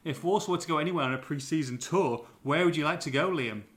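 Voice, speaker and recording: A man's voice: fairly high pitch, fast, a bit bright. A man hosting a casual podcast, matey and teasing. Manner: matey and teasing, says "mate" a lot. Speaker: podcast host.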